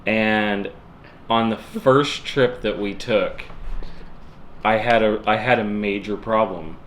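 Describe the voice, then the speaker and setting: A young American man with a somewhat low voice tells stories in a relaxed, chuckling way as a vlogger. The room rings with echo and a faint hiss sits behind him. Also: slow. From United States. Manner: laid-back storytelling, chuckles. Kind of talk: casual couple chat to camera.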